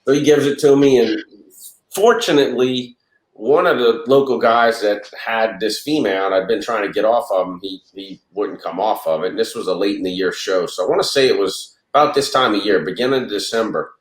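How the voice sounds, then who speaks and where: A man's voice: on the low side, fairly quick. A man and reptile breeder, a guest on the show, telling a rambling, casual story and acting out the dialogue. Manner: rambling, acts out dialogue in anecdotes. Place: lives in Louisiana. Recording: roomy echo.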